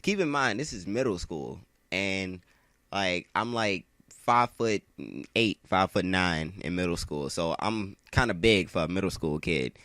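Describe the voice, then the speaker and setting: Low-voiced man telling a rambling story. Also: lively intonation, measured pace, fairly bright tone, no room sound, studio quality. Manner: slangy, swearing, rambling with lots of "like". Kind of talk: casual storytelling over gameplay.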